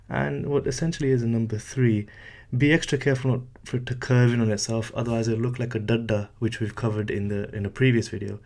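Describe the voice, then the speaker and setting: A man teaching a language lesson, explaining letter sounds slowly and patiently while writing, with light self-deprecating asides. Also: mid-range voice, creaky, darkish tone.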